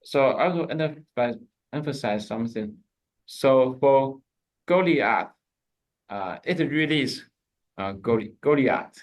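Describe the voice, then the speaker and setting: Teacher, male, deliberate unhurried delivery, pausing to explain. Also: medium pitch, a little mellow. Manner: slow, repeats words, pauses a recording to explain. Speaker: Hebrew teacher. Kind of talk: classroom lesson.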